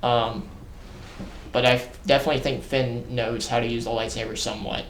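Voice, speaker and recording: Man, podcast co-host, casual recap, frequent ums, middle pitch, echoey room. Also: little pitch movement, brisk, slight background noise. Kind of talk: casual chat. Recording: roomy echo.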